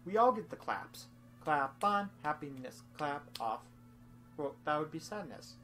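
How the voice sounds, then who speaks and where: A woman's voice: low-pitched, animated, unhurried, a bit bright. A young woman doing goofy, rambling let's-play commentary with frequent laughs, over faint game music. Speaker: game streamer.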